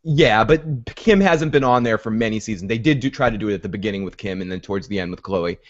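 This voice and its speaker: A man hosting a casual TV recap podcast, talking in an animated way, often laughing and mimicking characters. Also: fairly low pitch, fast, highs cut off. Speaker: podcast host.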